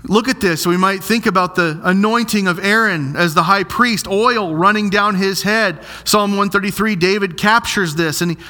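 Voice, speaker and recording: An earnest male pastor delivers a sermon in a high voice. His tone is bright and ringing. He presses his points home by repeating phrases slowly and deliberately. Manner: earnest, emphatic preaching with slow, stressed repetitions.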